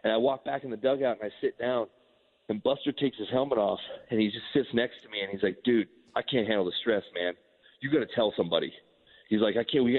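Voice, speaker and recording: Rambling man on a tinny, echoing line. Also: mid-range voice. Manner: rambling, animated, heavy use of "like". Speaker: former baseball pitcher, guest. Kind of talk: casual storytelling. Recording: tinny phone-like line with long reverb.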